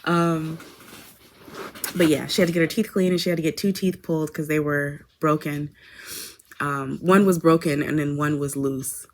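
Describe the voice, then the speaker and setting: A woman's voice: sits low, fairly even intonation, normal speed, a little hiss or hum. A woman hosting her craft podcast from home, chatting casually and wandering with filler words. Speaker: podcast host. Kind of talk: casual chat.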